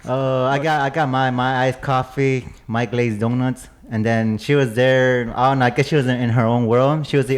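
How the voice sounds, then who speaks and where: A man's voice: medium pitch, flat delivery. A man telling a story in a casual chat with friends, stopping and restarting often. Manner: halting storyteller, many restarts.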